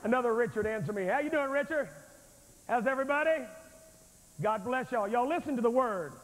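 A man's voice: very high voice, a little fast, slight background noise. A man preaching a revival sermon to a large congregation, folksy and emphatic as he speaks straight to the crowd. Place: large church sanctuary with thousands present. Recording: reverberant hall on an old VHS tape.

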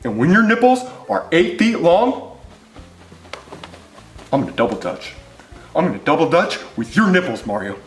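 Man doing a high, taunting greedy landlord. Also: sing-song. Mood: menacing. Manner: taunting, drawn-out threats. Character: greedy menacing adult male landlord. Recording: roomy echo with faint music.

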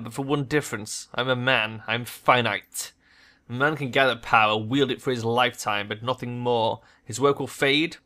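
A weary, aging male scientist from a game, speaking with grave, measured conviction, as a man reads his lines. His voice is bright and clear, at a middling pitch. He sounds tired but unshakable. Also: lightly acted.

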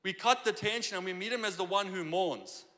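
A man preaching a sermon in a church, conversational and animated, acting out the lines he quotes. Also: sits high, fairly quick, long reverb tail. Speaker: pastor. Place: church sanctuary.

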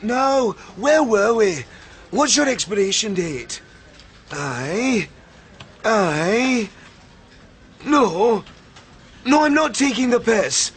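A man putting on a loud Scottish phone agent. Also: very high voice, very animated, slow pace, long pauses, a little hiss or hum, full character voice. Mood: brash. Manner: brash, loud phone talk. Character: call-centre agent faking a gruff Scottish voice.

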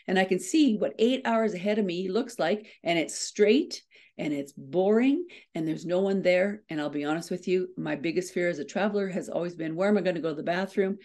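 A middle-aged woman, a motivational speaker, telling a story with fast, self-mocking humor and frequent laughs. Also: on the low side, darkish tone. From Canada. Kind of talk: storytelling keynote talk.

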